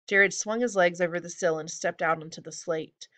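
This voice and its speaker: Bright-voiced woman narrating a storybook. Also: fairly low pitch, fairly even intonation, moderate pace. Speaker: audiobook reader.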